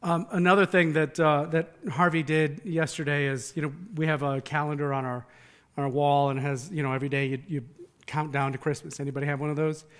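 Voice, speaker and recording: A pastor with a notably high voice for a man delivers a conversational sermon. He speaks earnestly and with emphasis, doubling back on words as he reaches for the next phrase. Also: level tone, fairly quick, a bit bright.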